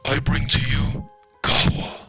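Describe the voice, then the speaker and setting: A man narrates a dramatic intro in a slow, measured, teasing voice. Loud music plays beneath his words. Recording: music playing behind the voice.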